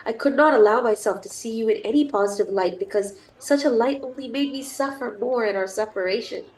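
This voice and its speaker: A woman's voice: a little high, fairly quick, a little mellow, poor audio. A young woman with a cold, streaming a dating sim and reading its text aloud with chatty, gushing asides. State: has a cold. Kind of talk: reading game text aloud with casual commentary.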